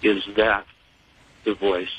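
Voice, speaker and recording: An older man speaking as an interview guest, in a measured, deliberate way with pauses and fillers. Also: lowish voice, flat delivery, slightly rough, dull audio. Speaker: guest, father of a fallen serviceman.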